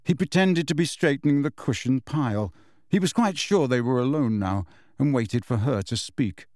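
Brief: male storybook narrator, measured and expressive, mid-pitched, dry and close. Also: no room sound. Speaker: audiobook narrator. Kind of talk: scripted narration.

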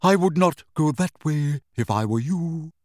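A man's voice: a little high, expressive, a little slow, a little mellow, dry recording, studio quality. A man voicing a bored, genteel male ghost from an audiobook story, speaking in a polite, languid and weary way.

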